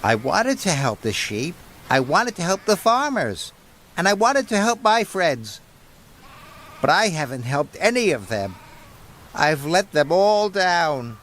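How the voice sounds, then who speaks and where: A man's voice: on the high side, very animated, a little slow, fairly bright tone, slight background noise, voice pushed up, rough recording. A man voicing a small, anxious male steam engine who finds his courage, speaking in a raised, earnest voice.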